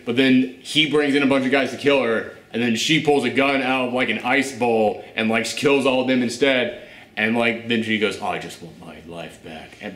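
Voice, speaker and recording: A man's voice: mid-range voice, a bit bright. Sarcastic man reviewing a film, echoey room. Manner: blunt and sarcastic, swears casually. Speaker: film review show host. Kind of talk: casual film review chat. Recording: roomy echo.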